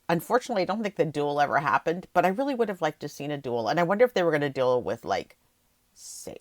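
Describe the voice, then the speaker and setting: A woman's voice: low voice, no echo, clean studio sound. A woman hosting her own podcast, chatting casually about political history with wry jokes and asides. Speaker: podcast host; rhetorician. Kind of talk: casual solo podcast commentary.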